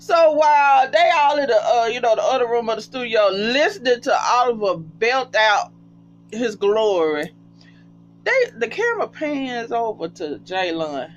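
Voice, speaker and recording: A casual reality TV recapper talking straight to viewers, often breaking into high, cracking laughter. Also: animated, unhurried. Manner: chatty, addresses viewers as y'all. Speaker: TV show recapper. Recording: dull lo-fi sound with faint hum.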